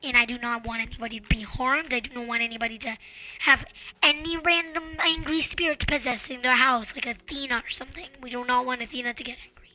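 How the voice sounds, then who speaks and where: A woman hosting her own channel, giving casual advice in an earnest, pleading, repetitive way and sometimes dropping into soft whispers. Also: a little high, steady tone, quick pace, soft background music. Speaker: channel host.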